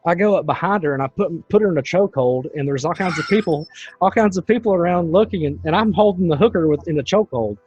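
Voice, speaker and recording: A man hosting a podcast, telling a story in a loose and animated way. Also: on the high side, fast, breathy edge, faint music behind. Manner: animated, tells stories in a loose, chatty way. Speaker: podcast host. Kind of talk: casual storytelling. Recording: dull, dry, lo-fi sound.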